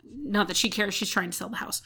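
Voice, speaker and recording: A woman with a bright, sharp voice walks through a book's plot for her co-host. She talks in a casual, chatty way and fills gaps with "um" as she goes. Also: medium pitch, a little fast, breathy edge. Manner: retells plot at length with frequent "um" fillers. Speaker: podcast co-host. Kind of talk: casual book recap chat.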